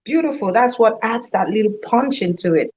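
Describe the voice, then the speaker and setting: A woman's voice: on the high side, animated, normal speed, darkish tone, slight background noise. A woman hosting a casual interview, upbeat and effusive, often laughing. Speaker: talk show host.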